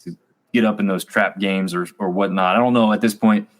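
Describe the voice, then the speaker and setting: A man's voice: lowish voice, fairly even intonation, fairly quick. A man co-hosting a college sports review show, chatting casually and rambling with fillers. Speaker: co-host.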